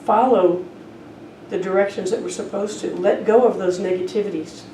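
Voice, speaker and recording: A woman's voice: mid-range voice, steady tone, moderate pace. A woman minister giving a sermon in a conversational storytelling manner, in a church. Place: church sanctuary. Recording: roomy, distant church hall recording with faint noise.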